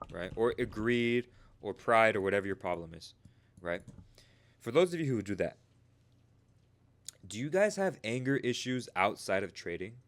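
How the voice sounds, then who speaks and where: A man teaching traders about mindset in a motivational monologue, firing rhetorical questions and tagging "right?" after almost every phrase. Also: on the low side. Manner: repeats "right?" and "you guys" constantly, rhetorical questions. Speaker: trading educator.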